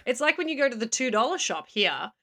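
Lively, bright Australian woman chatting. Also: on the high side. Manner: playful, jokey, quick to laugh. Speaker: podcast co-host. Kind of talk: casual chat.

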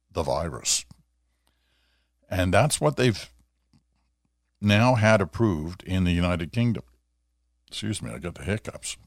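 A man's voice: low-pitched, no room sound. A middle-aged man hosting a radio talk show from a small home studio, chatting casually with lots of asides. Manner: chatty, conversational, with asides and filler words.

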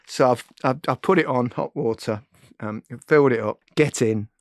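A man's voice: medium pitch, normal speed, dry recording, studio quality. A middle-aged man hosting a podcast, telling a story in casual chat and laughing often. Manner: lively anecdote-teller, laughs often. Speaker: podcast host.

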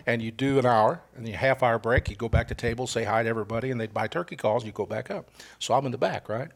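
An older man with a gravelly, husky voice, telling hunting stories in a lively way and acting out the people in them. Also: medium pitch, fast talker. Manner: animated storyteller, acts out voices in quotes. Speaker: guest co-host, veteran turkey hunter. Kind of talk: casual storytelling chat.

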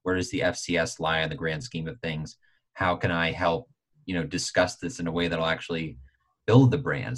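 A young man co-hosting a sports podcast, chatting casually with heated opinions and leaping up in pitch to stress his points. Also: poor audio. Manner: animated, heated opinions with frequent filler "like". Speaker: podcast co-host.

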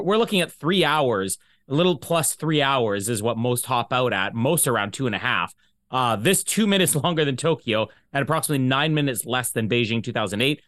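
Canadian male co-host, casual and halting, mid-range voice, dry recording. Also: medium pitch, lively intonation, fairly bright tone, no echo. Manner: hesitant, thinking aloud, slow. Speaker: podcast co-host. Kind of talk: casual podcast chat.

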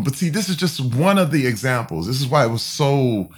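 A man from Flint, Michigan, talks at an ordinary middle pitch as a podcast guest. His delivery is candid and emphatic. He often circles back, restarts his sentences and leans on fillers while he tells his story. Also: very animated, fairly quick, husky. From Flint, Michigan, USA.

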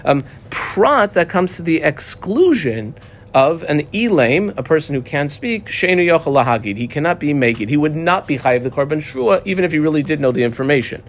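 A man's voice: on the high side, animated, a little fast. Man teaching a Talmud page, step by step. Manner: explains step by step, reading text then translating, with many fillers.

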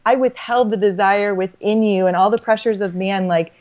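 A woman's voice: mid-range voice, steady tone, moderate pace, a little mellow. Thirties woman chatting about faith and health, rambles and restarts a lot, kinda dull lo-fi sound. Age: 30s. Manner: rambling, with many restarts and trailing phrases. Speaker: holistic doctor, guest. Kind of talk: casual faith-based conversation. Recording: slightly dull lo-fi audio.

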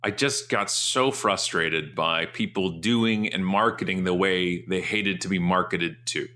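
A man guest in an interview, telling stories in an animated, emphatic way and jumping up in pitch when he acts out what others said. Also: unhurried. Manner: energetic, emphatic, jumps up in pitch for acted quotes. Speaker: guest, marketing speaker.

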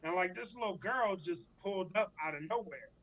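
A man, probably in his thirties, co-hosting a podcast, telling stories in casual, profane, animated chat. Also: high-pitched, a little fast, poor audio. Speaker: podcast co-host.

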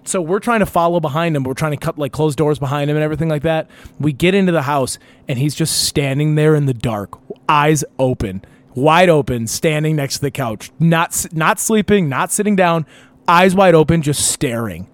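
A man's voice: fairly high pitch, moderate pace, dry recording. A young man telling a wild story on a casual talk show, swearing often and acting out what people said. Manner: animated, profane, acts out quotes.

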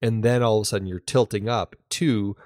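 A man's voice: on the low side, steady tone, a little fast, darkish tone, no room sound, clean studio sound. A man co-hosting a podcast, chatting casually and enthusiastically about a film and often restarting his sentences. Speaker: podcast co-host.

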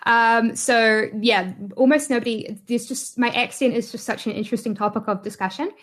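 A woman's voice: on the high side, fairly even intonation, moderate pace. A woman with a New Zealand accent, a YouTuber guest chatting casually in an interview, laughing often and filling her talk with ums and restarts. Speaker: guest, online business YouTuber.

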